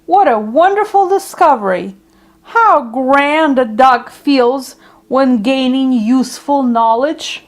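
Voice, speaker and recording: A woman reading a children's storybook aloud in a gentle, unhurried way. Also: high-pitched, expressive.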